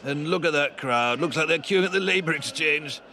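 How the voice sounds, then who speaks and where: A man doing a pompous old aristocrat commentating on sport in a plummy upper-class English accent. He rambles in an offhand, callous way, his voice bright and forceful. A faint background noise sits under the voice. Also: a little high, moderate pace. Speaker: comedy voice-over commentator. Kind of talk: improvised comic commentary over old footage.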